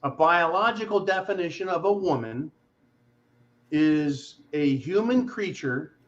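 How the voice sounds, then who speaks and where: A man hosting a casual livestream chat, joking loudly and swearing freely. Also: on the high side, expressive, a little slow, muffled recording. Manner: profane, joking, boisterous. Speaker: host.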